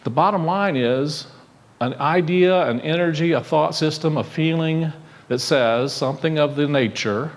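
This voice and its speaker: In a church sanctuary, a minister delivers a conversational sermon, asking the congregation questions. His voice sits on the high side, and he speaks at a measured pace.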